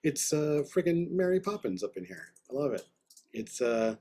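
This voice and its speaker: A man's voice: fairly high pitch, very animated, moderate pace, dark tone. A man teaching an online art class, giving enthusiastic, rambling, slangy feedback over a video call. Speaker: art instructor.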